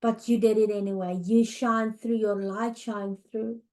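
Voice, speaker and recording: A middle-aged woman hosting a podcast, talking in a heartfelt, halting way, tired and close to tears. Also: fairly high pitch, little pitch movement. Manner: heartfelt, halting, with restarts and soft fillers. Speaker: podcast host. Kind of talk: emotional personal monologue. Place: home, early morning.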